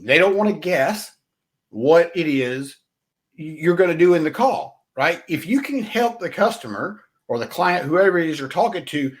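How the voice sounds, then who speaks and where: A man hosting a podcast, giving blunt sales coaching in a conversational way and often checking in with "right?". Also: fairly high pitch. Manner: talks straight to the listener, blunt. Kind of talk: solo motivational sales talk.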